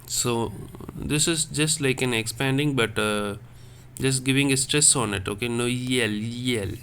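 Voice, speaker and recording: A man teaching a French class online, explaining slowly and correcting himself as he repeats words. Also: medium pitch, gravelly, fairly bright tone, slight background noise. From India. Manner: slow, repetitive explaining with self-corrections.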